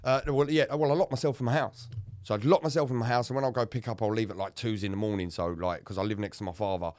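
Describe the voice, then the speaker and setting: This man talks fast in a lowish register, with no echo in the recording. He's co-hosting a casual podcast, and his candid account of his own experience is animated and full of swearing.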